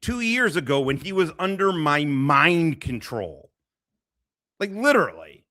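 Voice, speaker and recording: A man hosts a casual reaction stream with a bright, lively, slightly high voice that swings all over the place. He curses freely and breaks into laughter often. His talk is loose and chatty. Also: a little slow. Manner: profane, laughs often, animated.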